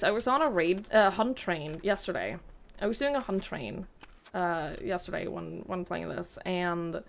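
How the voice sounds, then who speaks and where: A young woman streaming a game, chatting in a rambling, giggly way and swearing casually. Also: mid-range voice. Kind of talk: casual chat while gaming.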